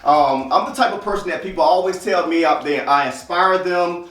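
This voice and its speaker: Man from Florida, podcast co-host, slow self-assured motivational talk, high voice, echoey room, distant mic. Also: a bit bright.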